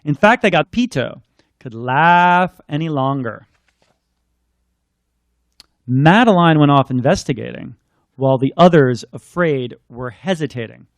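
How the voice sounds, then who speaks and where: A man's voice: on the high side, animated, unhurried, long pauses, no echo. A man, a children's book author, chatting in rambling asides and then reading his picture book aloud.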